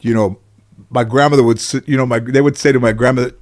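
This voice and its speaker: Middle-aged man from Los Angeles, guest storyteller; animated, profane, laughs at his own jokes. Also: mid-range voice, quick pace. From Los Angeles area. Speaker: guest comedian. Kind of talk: casual storytelling in interview.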